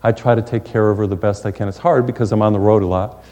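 A man's voice: on the low side, steady tone, fast talker, mellow. A middle-aged man preaching a sermon, telling folksy stories with humorous asides. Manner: folksy storytelling with jokes and asides. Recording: long hall reverb.

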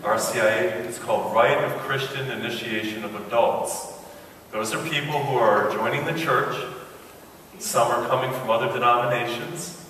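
A man's voice: mid-range voice, fairly even intonation, moderate pace, sharp tone, slight background noise. A man, a priest preaching a mission sermon in a church, telling jokes between points in a folksy, storytelling way. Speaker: priest giving a parish mission. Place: large church. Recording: echoey church from far off.

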